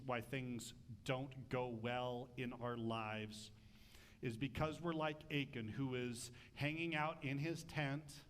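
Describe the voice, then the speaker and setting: A man preaching a sermon as pastor, animated and humorous, acting out voices. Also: mid-range voice.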